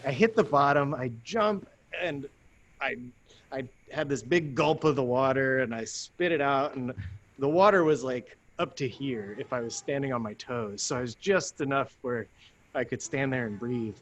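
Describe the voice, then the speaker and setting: A man at an everyday middle pitch tells a story as a talk-show guest. He is animated and laughs often, and he breaks into acted-out voices for the people in his story. The delivery stays loose and conversational. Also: moderate pace. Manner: animated, laughs often, acts out quoted lines. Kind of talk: casual storytelling.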